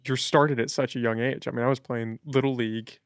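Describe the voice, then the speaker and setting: A man hosting a podcast, chatting in a relaxed, reflective way with his guest. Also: mid-range voice, a little fast, clear, resonant tone, no echo, studio quality. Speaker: podcast host. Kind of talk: casual interview chat.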